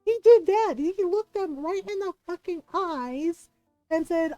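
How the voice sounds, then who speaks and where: A woman streamer chatting casually, ranting in an animated way and swearing a lot. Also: very high-pitched, a little slow, no room sound, lo-fi sound, faint music behind. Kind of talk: casual chat.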